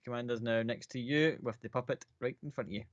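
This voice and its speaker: A man's voice: medium pitch, fast talker, no room sound, muffled recording. Man narrating a tabletop game. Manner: casual, descriptive, full of "like" and "kinda". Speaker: game master.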